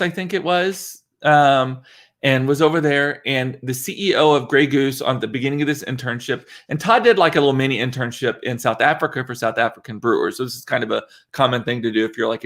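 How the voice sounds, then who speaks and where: Chatting loosely on his livestream, a South Texas man rambles with many fillers and restarts. His voice sits in the mid-range with a slightly bright quality.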